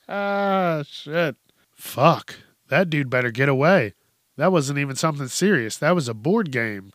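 Profane, laughing podcast host. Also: male voice, on the high side, fairly bright tone, no room sound, clean studio sound. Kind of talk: casual news commentary.

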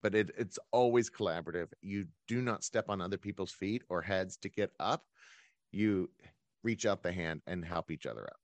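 Low-voiced man recounting his career. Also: moderate pace, no echo. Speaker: guest, events business owner. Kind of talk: conversational interview.

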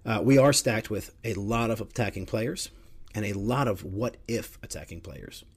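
A middle-aged man hosts a casual sports podcast with a rambling, joking delivery. He swears freely, and his voice sits slightly low. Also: expressive, normal speed, slightly rough. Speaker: podcast host.

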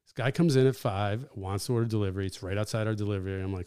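A middle-aged man, a pizza shop owner, telling animated stories as a podcast guest, swearing casually. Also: fairly low pitch, rapid-fire, clean tone, no room sound. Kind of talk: casual storytelling. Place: podcast studio.

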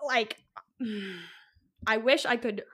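Chatty young woman, higher voice. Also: drawn-out words, a bit bright. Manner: rambling, full of likes and ums, swears freely. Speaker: podcast co-host. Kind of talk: casual storytelling chat.

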